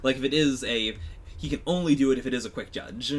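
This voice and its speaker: A man's voice: medium pitch, quick pace, slight background noise. A man co-hosting a reaction show, musing thoughtfully in casual chat and hedging as he thinks aloud. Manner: thoughtful, musing, many hedges.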